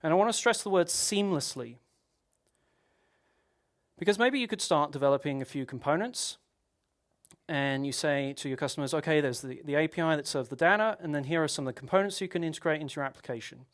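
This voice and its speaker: A man's voice: on the high side, a little fast. A man giving a technical conference talk, explaining at length with rhetorical questions and frequent restarts. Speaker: conference speaker.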